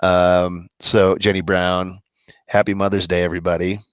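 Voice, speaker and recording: A man co-hosting a casual live-stream chat, talking in a friendly, rambling way with many halting restarts. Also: sits low, flat delivery, clean tone, no echo. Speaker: co-host of a musicians' live chat. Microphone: video call. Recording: dull lo-fi stream audio.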